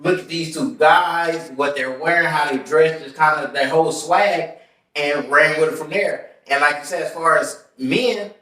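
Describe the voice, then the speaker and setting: A man's voice: a little high, moderate pace, far from the mic. A man co-hosting a casual podcast, chiming in with his own take on the story. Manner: relaxed, conversational, chimes in with his own take. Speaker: podcast co-host. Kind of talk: casual chat. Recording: echoey room, off-mic.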